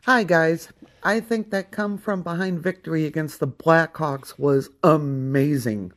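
Upbeat listener leaving a voice message. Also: mid-range voice. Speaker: caller.

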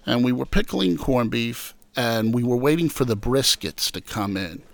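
A man's voice: mid-range voice, normal speed, gravelly. A man from New York telling stories from his childhood in a casual interview, acting out the voices of people he quotes. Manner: animated storyteller who acts out quoted voices.

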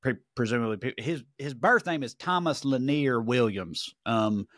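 A man's voice: mid-range voice, moderate pace, fairly bright tone, no echo, studio quality. A man with a Southern American accent, co-hosting a podcast and telling rambling, profane, jokey stories in casual chat. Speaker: podcast co-host.

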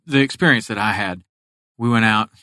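Guy with a low voice rambling thru a story, lots of restarts, dry mic. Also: fairly quick, bright, forceful tone, no echo. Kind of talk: casual interview chat.

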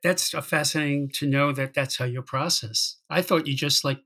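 A theater producer hosting a relaxed interview, telling anecdotes and asking about the writing of songs. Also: mid-range voice, normal speed. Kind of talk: casual interview chat.

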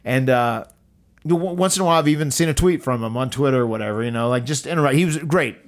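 A man hosting a podcast, telling a story in a loose, animated way and acting out quotes. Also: fast talker. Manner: animated, acts out quotes with rising pitch. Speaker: podcast host. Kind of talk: casual storytelling.

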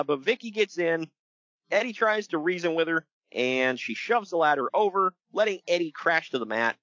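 A man co-hosting a podcast, recapping wrestling matches in casual chat, animated and laughing often. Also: fairly high pitch, no room sound, dull audio. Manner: animated, laughs often, breaks into loud impressions. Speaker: podcast co-host.

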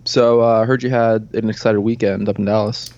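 Low-voiced man on a dull, lo-fi track. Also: flat delivery, fairly quick, a little mellow. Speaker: podcast co-host. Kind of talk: casual podcast chat.

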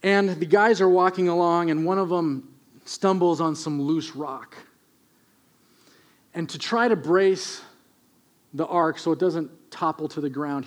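High-voiced male preacher telling stories. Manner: animated, humorous storytelling. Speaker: pastor. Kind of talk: storytelling sermon.

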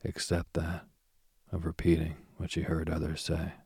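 A man reading an old myth aloud, soft and husky, often dropping to a whisper. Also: very deep voice, monotone, normal speed, dry recording, studio quality. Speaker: storyteller.

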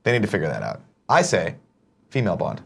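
A man's voice: low voice, huge pitch swings, quick pace, creaky, fairly bright tone. A man hosting a morning show, chatting casually and animatedly, swearing freely. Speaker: show host. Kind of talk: casual chat.

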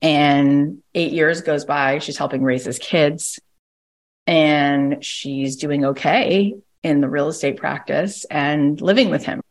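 On a recorded call, a woman who coaches and hosts a podcast tells a story energetically, acting out the people she quotes. Her voice is low and she takes it slowly.

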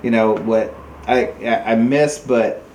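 A man telling paintball stories in a casual podcast chat, rambling with many fillers and jumping into high, animated voices when he quotes other people. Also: slow. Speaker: podcast guest, paintball player. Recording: echoey room with faint noise.

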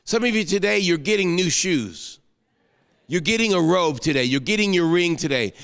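A man's voice: sits high, lively intonation, moderate pace, gravelly, clear, resonant tone. Emotional preacher man in a reverberant hall. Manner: emotional, rising to exclamations then dropping soft into prayer. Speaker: guest pastor. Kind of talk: sermon.

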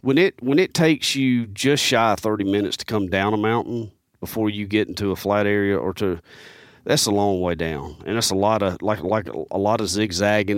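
A man's voice: low voice, no echo. A man, a guest on a podcast, telling a casual, rambling story in a studio. He fills his sentences with "man" and "you know.". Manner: rambling, animated, peppers speech with "man". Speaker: podcast guest, turkey hunter.

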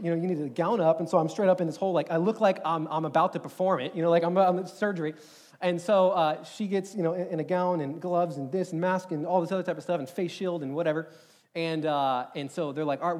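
Fast, animated young man preaching. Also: on the high side. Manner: animated, rambling, lots of filler words. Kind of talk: sermon storytelling. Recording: long hall reverb.

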